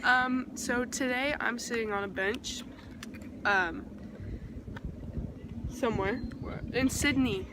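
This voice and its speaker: A woman's voice: on the high side, slow pace, long pauses. A young woman chatting casually into her phone camera on a pier, giggly and often laughing. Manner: giggly, keeps breaking into laughter. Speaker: vlogger. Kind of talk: casual vlog chat. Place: outdoors on a pier by the water. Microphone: phone camera held by the speaker. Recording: outdoor phone recording with background noise.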